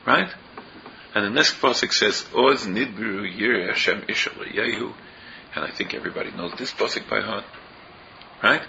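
A man's voice: medium pitch, vocal fry, bright, forceful tone. A man teaching a Torah class, explaining verses and often asking rhetorical questions, with Hebrew and Yiddish terms mixed into his English. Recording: dull lo-fi recording with faint noise.

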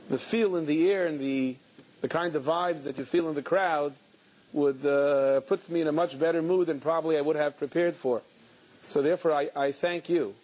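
A man giving an animated storytelling talk to a live audience as a guest speaker, with dramatic pauses. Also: on the high side, poor audio. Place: event hall with an audience.

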